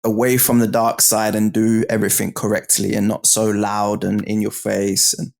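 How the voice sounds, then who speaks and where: A British man from the United Kingdom is an interview guest, telling stories in casual, slang-heavy speech and often asking "do you know what I mean." His voice is lowish, gravelly, and darkish, with a level tone at normal speed.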